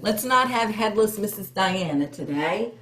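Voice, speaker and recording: A woman's voice: medium pitch, animated, measured pace, fairly bright tone. A woman hosting a children's story time, talking to young kids in a cheerful, coaxing, sing-song way. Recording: roomy echo.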